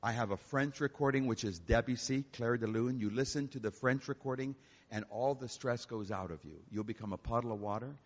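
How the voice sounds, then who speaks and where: In an echoey church hall, an older man, a concert pianist and guest speaker, tells humorous stories to the audience. His voice is mid-range and a touch quick, his manner animated and jokey, and the recording sounds dull and lo-fi.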